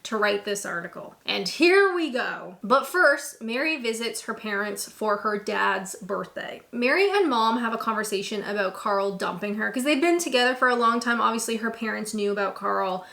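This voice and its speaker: A woman's voice: mid-range voice, animated, normal speed, creaky, hardly any pauses, sharp tone. A young woman hosting a casual movie recap, sarcastic and snarky in her commentary.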